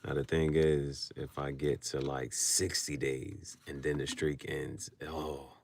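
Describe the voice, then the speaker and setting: A man in a casual late-night monologue who talks animatedly and laughs often, moving between low mutters and loud outbursts. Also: level tone, slow, vocal fry. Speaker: vlogger.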